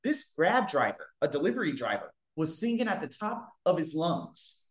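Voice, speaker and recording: A man telling stories to his viewers in a casual monologue, swearing freely and swinging widely in pitch and loudness. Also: moderate pace. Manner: profane, animated, big swings in pitch and loudness. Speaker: vlogger. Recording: echoey room.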